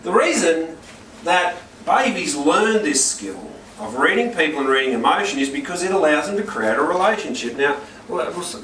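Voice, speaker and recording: A man, a corporate trainer telling stories to a workshop audience and often checking for agreement. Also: a little high. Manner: energetic storytelling, asks the room for agreement. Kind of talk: workshop talk to a live audience. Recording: roomy and distant, with noise.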